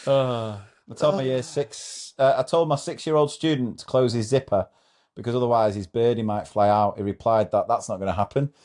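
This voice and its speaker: Brief: amused man reading anecdotes aloud, mid pitch, keeps cracking up. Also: fairly even intonation, a little fast, a little mellow. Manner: amused, often breaks into laughter while reading. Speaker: host reading out a thread of teacher stories. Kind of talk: casual reading of funny anecdotes.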